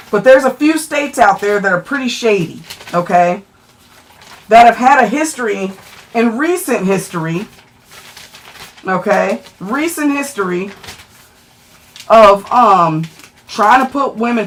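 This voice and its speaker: A woman's voice: fairly high pitch, a little hiss or hum. Chatty woman hosting a livestream. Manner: chatty, keeps tagging lines with "okay?"; greets and answers viewers by name. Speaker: livestream host. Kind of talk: casual livestream chat with viewers.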